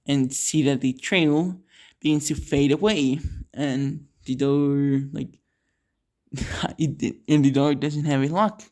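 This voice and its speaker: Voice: mid-range voice, darkish tone. A speaker improvising a fan story in a rambling way, full of "like" fillers and giggles.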